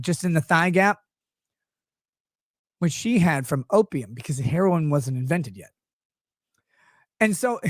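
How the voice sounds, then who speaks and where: A man's voice: sits high, dry recording, clean studio sound. Profane sarcastic man ranting live. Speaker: show host. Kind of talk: profane livestream rant. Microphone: streaming desk microphone.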